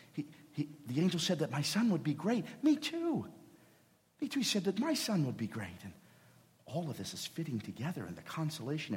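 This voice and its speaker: Man preaching a sermon in a reverberant church. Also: on the low side. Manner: acts out dialogue, emphatic and repetitive. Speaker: pastor. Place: church sanctuary. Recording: long reverb of a church hall.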